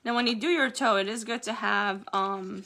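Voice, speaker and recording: A woman's voice: medium pitch, moderate pace, creaky, pushed and bright. A woman chatting casually through a home nail-care tutorial, rambling a little and filling gaps with "um" and "like". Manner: chatty, rambling with many fillers. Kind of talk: casual how-to demonstration.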